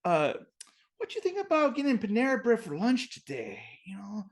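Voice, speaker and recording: A man voicing a wheedling nine-year-old boy who coaxes in a hesitant, halting way. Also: high voice, wildly swooping pitch, voice pushed up, exaggerated voice. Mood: coaxing.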